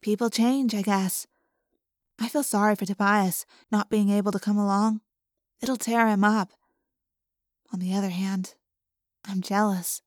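A woman voicing a calm, practical teenage girl in a soft, matter-of-fact way for an audiobook. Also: mid-range voice, unhurried, long pauses, dry recording, studio quality, close to an everyday voice. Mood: wistful. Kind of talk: audiobook character voice.

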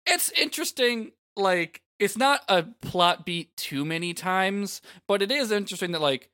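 Chatty, bright-voiced podcast guy. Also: sits high, lively intonation, unhurried, dry recording, clean studio sound. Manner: laughing, loose and chatty, swears. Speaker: podcast co-host. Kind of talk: casual chat.

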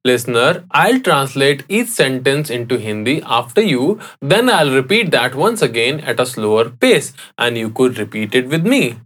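Language co-host, mid-pitched voice, lively intonation, slow and careful. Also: slightly rough. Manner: slow, careful modelling of phrases. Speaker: language teacher. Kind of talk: scripted language lesson.

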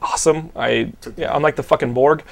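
A young man hosting a podcast, telling animated stories in casual chat, swearing freely and restarting his sentences. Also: a little high, a little fast, gravelly. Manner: animated storytelling, heavy swearing, lots of likes and restarts. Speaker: podcast host.

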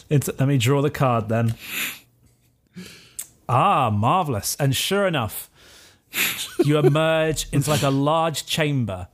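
Guy game-mastering, lively up and down voice, chatty. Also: on the high side, takes it slowly, pauses often. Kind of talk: narrating a tabletop game.

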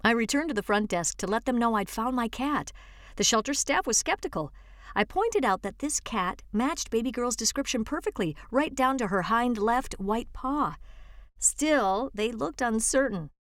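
A woman with a fairly high voice reads a true-life story aloud at a steady pace. She lifts her pitch for quoted speech and drops it for the tags after. The recording is close and dry, with no room sound. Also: moderate pace, dry recording. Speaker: volunteer reader. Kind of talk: read-aloud story narration.

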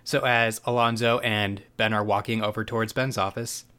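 A man's voice: on the low side, fairly even intonation, moderate pace, sharp tone, smooth. A man in casual podcast chat, loosely retelling a TV episode with restarts and asides. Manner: loose, rambling storyteller with restarts. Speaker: podcast co-host.

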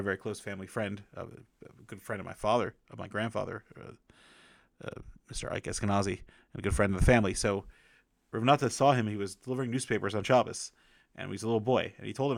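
A man reviewing a book by telling stories in a casual, halting way, with many restarts and fillers, lingering reverently on sayings. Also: fairly low pitch, steady tone, creaky, dry recording, clean studio sound.

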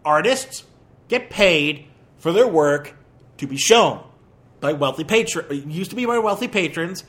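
A man hosting a podcast, ranting through a movie review in an animated, exasperated way with crude jabs. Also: on the high side, unhurried. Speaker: podcast host.

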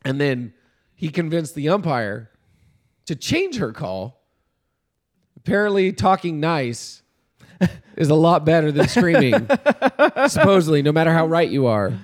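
A man casually recounts coaching youth baseball, animated and laughing a lot, and he gets loud when acting out the yelling. His pitch is fairly high, his pace measured, and he pauses often.

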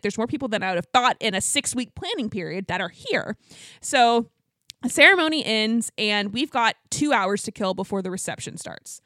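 A woman co-hosting a podcast, telling a story in a fast, animated way with lots of filler words. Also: a little high, dry recording. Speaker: podcast co-host. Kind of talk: casual storytelling chat.

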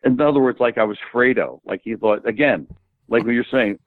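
A man in his seventies, an interview guest, telling animated anecdotes and acting out the dialogue. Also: mid-range voice, brisk, no echo. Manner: animated anecdote teller who acts out quoted dialogue. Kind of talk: casual storytelling interview. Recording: tinny phone-like dry audio.

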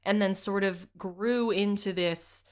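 A woman's voice: mid-range voice, steady tone, slow pace. Woman cohost rambling and giggling thru a comedy podcast, casual jokey chat. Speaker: podcast co-host.

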